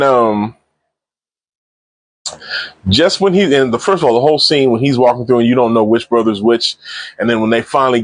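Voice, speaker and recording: A man recaps a TV episode in loose, slangy chat, acting out the characters' lines as he goes. His pitch swings widely up and down. The recording is close and dry, with no room sound. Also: no echo. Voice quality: animated slangy retelling with acted-out quotes. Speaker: TV show reviewer. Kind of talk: casual recap review.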